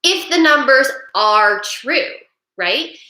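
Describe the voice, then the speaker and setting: A middle-aged woman hosting a webinar, talking in an animated, rambling, emphatic way. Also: sits high, takes it slowly. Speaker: webinar host. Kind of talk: casual monologue. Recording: echoey room.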